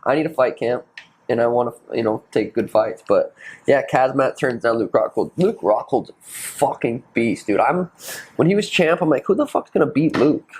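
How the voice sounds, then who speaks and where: Young guy hosting a podcast, middle-pitched voice, relaxed, swears freely, slips into voices of other people. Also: normal speed, poor audio. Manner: loose, swears a lot, animated impressions. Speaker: podcast host, fighter. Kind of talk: casual chat.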